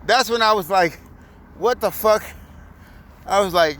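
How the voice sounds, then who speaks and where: A man telling a profane, animated story in a casual rant, recorded outdoors. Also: high-pitched, unhurried, pauses often. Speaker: vlogger.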